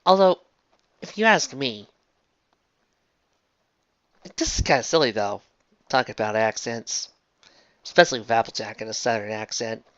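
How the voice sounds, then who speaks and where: A woman's voice: normal speed, long pauses, no echo, dull audio. A woman reviewing an episode in easygoing, chatty talk. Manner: chatty, easygoing, with lively swings in pitch. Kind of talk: casual review chat.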